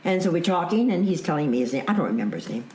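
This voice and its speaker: Animated storyteller woman in her eighties. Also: on the low side, rapid-fire, roomy sound, a little hiss or hum, rough recording. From Canada. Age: 80s. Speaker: interview guest, veteran actress. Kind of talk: telling a personal story in a casual interview.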